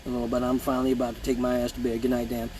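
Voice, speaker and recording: A man telling profane childhood stories in a casual live stream, animated and mimicking voices, with hiccups. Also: mid-range voice, rapid-fire, slight background noise, rough recording. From Michigan. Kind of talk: casual storytelling.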